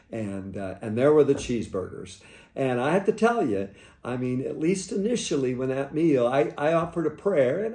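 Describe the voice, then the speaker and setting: A man who is a priest, sharing a gentle personal reflection in a halting, heartfelt way with many restarts. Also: medium pitch. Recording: echoey room.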